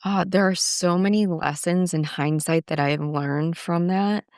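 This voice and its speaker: A woman's voice: fairly low pitch, a little slow, darkish tone, no echo, studio quality. A woman in her forties, a guest candidly telling her own story, reflective, with frequent restarts and fillers. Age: 40s.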